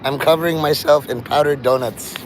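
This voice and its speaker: A gravelly, high-leaning voice with fairly even intonation comes through a rough phone recording as a vlogger livestreams briskly from an open-air plaza among tall city buildings. He rambles, jokes, swears casually, and addresses birds and viewers amid street noise.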